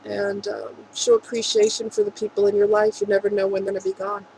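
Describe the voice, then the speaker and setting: A woman speaking earnestly and emotionally in a rambling vlog monologue, with soft laughs. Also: mid-range voice, little pitch movement, fast, creaky, a little hiss or hum, poor audio. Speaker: vlogger.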